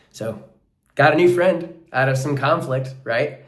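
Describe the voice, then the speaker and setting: A man's voice: lowish voice, brisk, roomy sound. A man talking casually as a coach in a vlog, earnest and full of "like" and "bro", sweaty after a workout. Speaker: wrestling coach and life coach.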